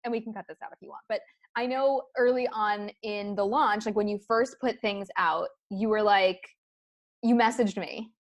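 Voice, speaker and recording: A woman's voice: mid-range voice, steady tone, moderate pace. A woman hosting a coaching podcast interview, chatty and casual with slang and swearing. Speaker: host, business coach.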